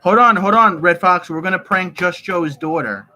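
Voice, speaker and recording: A man's voice: high voice, moderate pace, bright, forceful tone, low-quality recording. A young man streaming from his bedroom, chatting casually, joking and swearing as he rambles. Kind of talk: casual live-stream chat.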